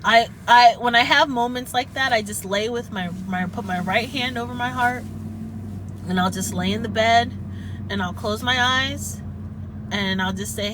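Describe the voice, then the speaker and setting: A woman chatting earnestly and haltingly about spiritual healing, at times close to tears. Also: on the high side, background noise. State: tearful at moments. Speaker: spiritual vlogger. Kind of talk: emotional casual chat.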